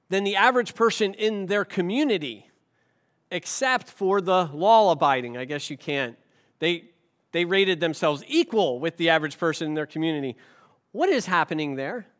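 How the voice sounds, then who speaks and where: A man delivers a sermon in a slightly higher-than-usual voice. He talks in an easy, conversational way and turns to the congregation with rhetorical asides. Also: a bit bright. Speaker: pastor.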